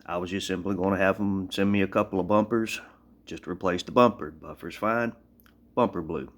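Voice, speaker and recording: A man's voice: low voice, fairly even intonation, brisk. A man from Tennessee talking casually into his phone, rambling through a gun review with blunt opinions. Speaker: gun owner vlogger.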